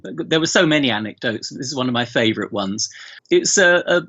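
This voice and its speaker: A man's voice: medium pitch, lively intonation, fairly quick, a bit bright. A middle-aged man, a guest on a podcast, telling family anecdotes in a rambling way with many restarts. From England. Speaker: guest, bereaved father. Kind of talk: remote podcast interview.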